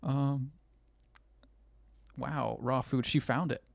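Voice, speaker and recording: A man's voice: mid-range voice, fairly even intonation, slow, creaky, no room sound. A man streaming live, reacting to videos with crude, joking commentary and reading chat aloud.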